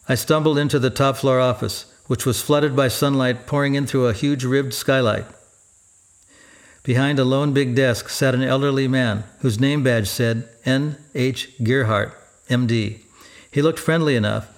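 A man narrating a first-person memoir in a steady, even storytelling manner. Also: mid-range voice.

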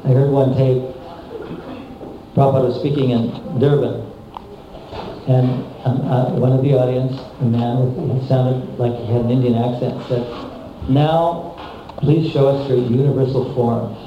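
A man delivers an unscripted sermon to a seated audience, doubling back on his words as he gathers his thoughts. His voice rings through a strongly reverberant room, captured on a dull, low-fidelity recording with a faint hiss behind it. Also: level tone, moderate pace. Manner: repeats words often while thinking aloud. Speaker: speaker at a devotional gathering. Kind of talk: informal sermon.

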